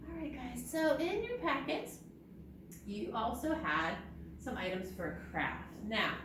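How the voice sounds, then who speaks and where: A woman leads a preschool storytime in a slow, playful, sing-song manner, her pitch leaping high and low. She stands back from the camera, and the room rings with heavy echo. A steady hiss of background noise runs underneath. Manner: animated, sing-song, exaggerated for small children. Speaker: children's librarian. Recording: distant, roomy, noisy recording.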